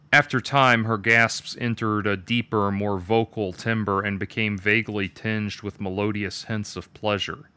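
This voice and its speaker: A man reading his own dark story aloud with a measured, detached delivery. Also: lowish voice, clean tone, dry recording. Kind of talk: dramatic story narration.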